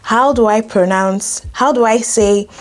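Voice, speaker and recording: A woman's voice: a little high, measured pace. A young woman hosting a casual tutorial, playful and jokey, talking straight to viewers. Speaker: tutorial host.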